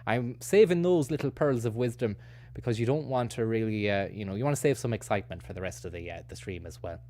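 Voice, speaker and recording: A man's voice: on the low side, fast talker, dark tone, dry recording. Sex: man. Style: rambling stream host. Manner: rambling, self-mocking, sweary asides. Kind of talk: casual rambling commentary.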